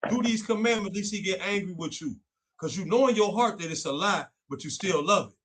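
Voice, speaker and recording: A man's voice: high-pitched, brisk, crowd noise. A young man co-hosting a faith talk show, preaching on scripture in a fervent, repetitive, colloquial way. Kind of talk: preaching Bible study talk.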